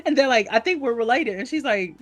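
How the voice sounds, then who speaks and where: A woman hosting a podcast in casual chat, animated and acting out characters as she talks. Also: brisk, faint music behind. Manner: animated, acts out characters with big pitch jumps. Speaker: podcast host.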